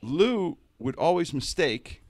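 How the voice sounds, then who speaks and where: A man's voice: on the high side, takes it slowly, no room sound, clean studio sound. A man telling a story in casual talk-show chat, slipping into comic voices. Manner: animated, does comic voices mid-story.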